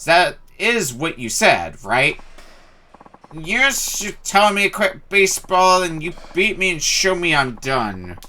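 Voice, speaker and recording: A man voicing a drunk, brash former baseball ace from a video game, folksy and quick to anger. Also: fairly high pitch, big pitch swings, bright, forceful tone, pitched above the performer's own voice, full character voice. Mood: blustering. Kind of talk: reading game dialogue aloud.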